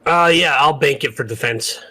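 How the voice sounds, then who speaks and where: A man playing a tabletop game, declaring his character's actions with hesitant pauses. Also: on the high side, pushed and bright. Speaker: player. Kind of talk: casual tabletop game play.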